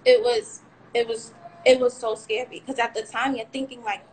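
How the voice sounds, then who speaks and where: A woman's voice: fairly high pitch, sing-song, normal speed, slight background noise, low-quality recording. A young woman telling a candid, rambling personal account of a frightening ordeal on a livestream, cursing now and then. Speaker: shooting survivor sharing her story.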